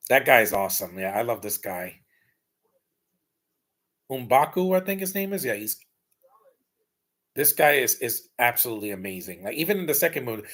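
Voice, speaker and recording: A man's voice: mid-range voice, very animated, normal speed, long pauses, a bit bright. A man giving casual, blunt and rambling live commentary while rewatching a film. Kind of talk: casual opinionated watch-along commentary.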